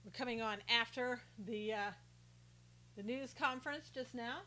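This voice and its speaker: A woman's voice: a little high, measured pace, bright, forceful tone. A woman hosting a casual live stream who greets viewers by name, reads their comments aloud and talks indignantly about rude reporters.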